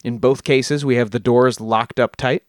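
A man's voice: mid-range voice, steady tone, normal speed, dry recording, studio quality. Chatty rambling male podcast host. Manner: rambling, self-correcting, chatty with jokey asides. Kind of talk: casual storytelling podcast chat.

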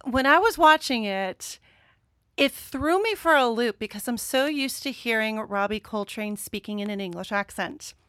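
A woman's voice: a little high, lively intonation, moderate pace, a bit bright, dry recording. A woman hosting a podcast, chatting casually and enthusiastically and laughing often. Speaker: podcast host. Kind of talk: casual chat. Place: lives in North Carolina.

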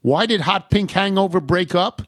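A man's voice: high voice, normal speed, no room sound. A man hosting a radio show, reading listener emails aloud with a wry, amused delivery and the odd laugh. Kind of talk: reading listener mail aloud with dry humor.

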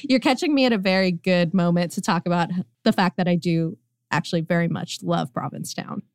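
A woman guest on a podcast, chatting casually, full of "like" fillers and quick laughs. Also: lowish voice, creaky, dry recording, clean studio sound. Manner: laughing often, lots of "like" fillers. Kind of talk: casual chat.

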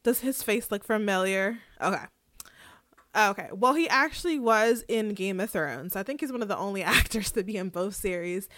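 Female podcast host; animated, slangy recap delivery; dry, close recording. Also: mid-range voice, moderate pace, dry recording. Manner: chatty, animated retelling with slang. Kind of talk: casual episode recap.

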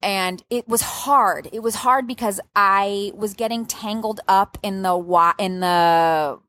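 Lively woman storyteller, dry close sound. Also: mid-range voice, takes it slowly, no room sound. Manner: lively storyteller who acts out her own past outbursts. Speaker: podcast guest telling her birth story. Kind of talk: casual storytelling chat.

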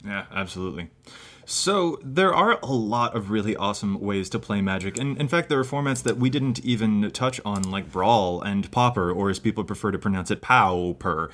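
A man's voice: lowish voice, expressive, fairly quick. A man hosting a podcast, reading show notes and asking his co-hosts questions. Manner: warm moderator, reads notes, asks questions. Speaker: podcast host. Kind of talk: casual chat.

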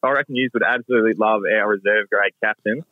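Aussie caller on a thin phone line, laid-back and umming. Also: male voice, lowish voice, fast talker, a little hiss or hum. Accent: Australian. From Queensland. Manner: relaxed, hesitant, filler-heavy. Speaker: caller, club player. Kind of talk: phone interview. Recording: tinny dry phone line.

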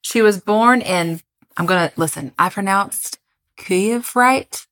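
This podcast co-host is a woman whose medium-pitched voice is slow and a bit bright. Chatting casually, she relates a history story, laughs a lot and jokes about her pronunciation.

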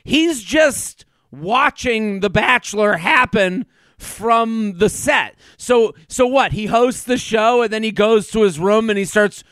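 High, crisp-voiced man co-hosting a podcast. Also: slow pace, no room sound. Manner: animated, acts out quotes with crude asides. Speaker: podcast co-host. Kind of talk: casual chat.

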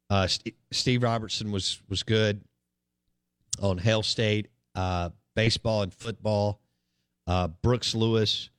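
A man's voice: on the low side, no echo, clean studio sound. A man hosting a radio sports talk show, chatting casually and rambling with plenty of ums and uhs.

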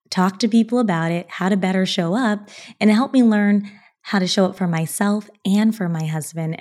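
Woman podcaster telling her own story, low-ish voice, earnest and reflective. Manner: earnest, reflective, with bright laughs. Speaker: podcast host. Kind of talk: personal storytelling monologue.

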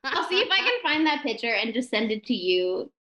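A woman's voice: fairly high pitch, big pitch swings, brisk, crowd noise. A woman sex educator guesting on a podcast, playful and giggly in casual chat.

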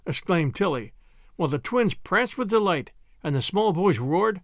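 Lively, high-voiced male narrator. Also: normal speed, no room sound, studio quality. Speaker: audiobook reader. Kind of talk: scripted narration.

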